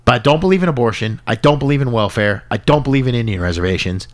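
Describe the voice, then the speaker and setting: A man's voice: mid-range voice, lively intonation, quick pace. A man co-hosting a podcast in a brash, profane, strongly opinionated casual chat. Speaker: podcast co-host. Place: podcast studio. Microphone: standing desk mic.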